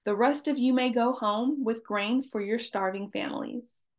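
A woman reading the lines of a stern male governor who accuses strangers, in a slow, deliberate and insistent delivery. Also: fairly high pitch, natural voice.

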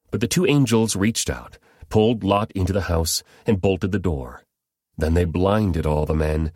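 A man reads scripture aloud in a steady, measured way. His voice is very deep. The recording is close and dry. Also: no room sound. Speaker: scripture reader. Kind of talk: scripture reading.

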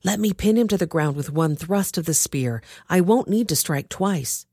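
A woman's voice: fairly low pitch, animated, normal speed, dark tone, no room sound, studio quality. A woman voicing the soldier Abishai in a Bible reading, with an urgent manner.

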